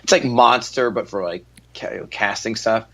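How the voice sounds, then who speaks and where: A man's voice: fairly low pitch, unhurried, gravelly, sharp tone. A man from New York, a comedian guest on a podcast, telling brash, profane, jokey stories in casual banter.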